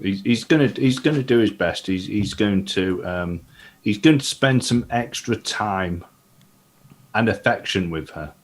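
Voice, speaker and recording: A man's voice: fairly low pitch, animated, a little slow, slight background noise. A man playing a tabletop game, speaking in a dry, matter-of-fact way. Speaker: player. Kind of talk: casual tabletop play.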